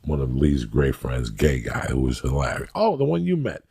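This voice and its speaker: Gravelly deep-voiced brash storyteller man. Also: wildly swooping pitch, normal speed, warm tone. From Cuban-American. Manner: brash, swearing, acts out the people in his stories. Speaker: comedian and podcast guest. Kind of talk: profane comic storytelling on a podcast.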